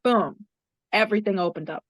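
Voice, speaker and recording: Speaking briskly in a mid-range voice, this woman is an interview guest describing a spiritual experience with earnest conviction and repeated phrases for emphasis. The sound is dry and a bit muffled, without echo.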